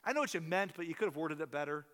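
A man's voice: on the high side, expressive, rapid-fire, fairly bright tone, in a large hall. A man preaching a sermon as a pastor, telling a story and acting out the characters' lines. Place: church sanctuary.

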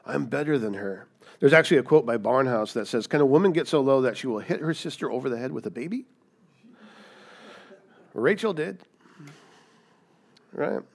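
A middle-aged man preaching a sermon with plenty of energy. His voice swings from hushed, low asides up to loud, high emphatic lines. He keeps throwing questions back at his listeners. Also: animated, moderate pace, pauses often. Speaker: pastor.

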